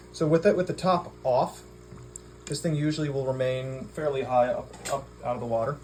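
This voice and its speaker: Casual man, middle pitch, rambling home-aquarium vlogger who talks to his fish and swears lightly. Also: a little fast, background noise. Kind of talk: casual vlog chat.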